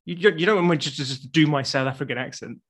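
A man's voice: a little high, fast talker, breathy edge. A man from England, a podcast guest bantering bluntly and cheekily. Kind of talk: casual chat.

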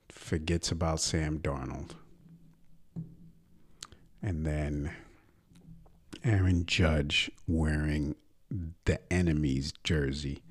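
A man's voice: extremely low pitch, gravelly, husky. A man hosting a podcast, ranting casually and profanely about sports and often dropping into muttered asides. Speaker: podcast host and comedian. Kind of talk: casual solo sports rant.

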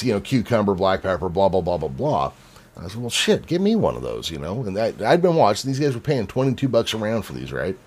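A man hosting a podcast, telling anecdotes in casual chat, animated and swearing freely. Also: on the low side. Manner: animated, swearing, laughs at his own story. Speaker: podcast host.

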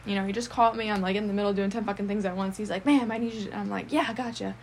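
A woman's voice: medium pitch, steady tone, rapid-fire, a little hiss or hum. A woman co-hosting a casual podcast, telling stories with swearing and acting out the people she quotes. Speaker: podcast co-host. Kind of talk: casual chat.

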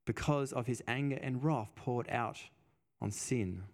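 A man's voice: mid-range voice, unhurried. A man preaching a sermon in a conversational way, stressing points by repeating phrases and telling personal stories. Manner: emphatic, repeats phrases for weight.

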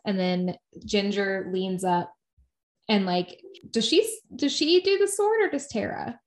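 A woman co-hosting a podcast, chatting casually while recapping a show, talking quickly and laughing often. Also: mid-range voice, expressive. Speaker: podcast co-host.

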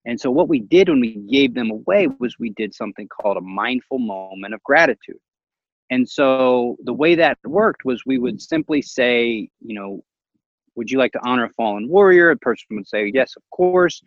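A man's voice: medium pitch, normal speed, no echo, lo-fi sound. A man casually telling a story, acting out the voices of the people in it and laughing often. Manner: animated, acts out quoted voices, laughs often.

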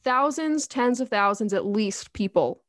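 A woman's voice: a little high, expressive, unhurried, dry recording, clean studio sound. A young woman co-hosting a podcast, talking in an emphatic, enthusiastic casual way. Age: young adult. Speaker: podcast co-host.

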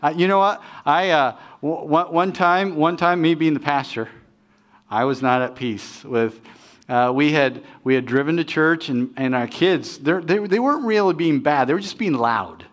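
Preaching at a moderate pace, this middle-aged male pastor has a fairly high-pitched voice. He weaves personal anecdotes into the sermon, poking fun at himself in a casual way and frequently starting over mid-thought.

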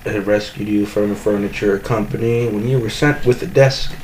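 A man's voice: lowish voice, fairly even intonation, moderate pace, darkish tone, a little hiss or hum, poor audio. A man hosting a comedy podcast from his home kitchen, rambling with joking bravado and constant self-corrections. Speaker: podcast host.

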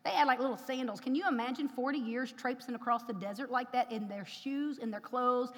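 High bright woman preaching in a hall. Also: fairly quick. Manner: builds to loud emphatic preaching. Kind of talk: sermon with personal testimony. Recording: long hall reverb.

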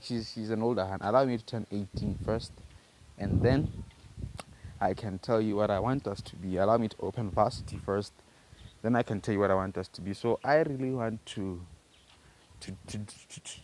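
A man's voice: fairly low pitch, a little mellow. A teenage man from Africa, telling a loose, slangy story on his own podcast, full of restarts and repeated words. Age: teens. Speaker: podcast host.

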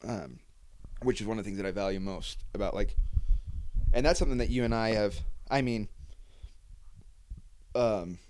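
A man's voice: on the low side, moderate pace, pauses often, darkish tone, slight background noise. Young male host, loose storyteller, lots of "like" and "um". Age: young adult. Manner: rambling storyteller with many fillers and acted-out quotes. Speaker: podcast host. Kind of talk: casual chat.

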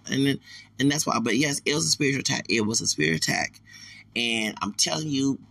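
A man hosting a casual podcast monologue, animated and laughing, mimicking reactions with sudden shrieks. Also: medium pitch, fast talker, vocal fry. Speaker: podcast host.

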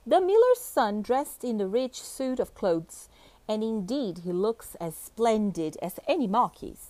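A woman reading a fairy tale aloud with expressive, animated storybook delivery. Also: a little high, a little slow, no room sound.

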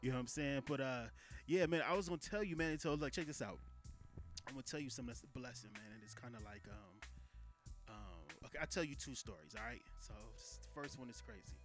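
A man co-hosting a casual podcast, telling animated stories, slipping in "you know what I'm saying" again and again. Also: mid-range voice, quick pace, faint music behind. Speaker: podcast co-host. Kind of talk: casual podcast banter and storytelling.

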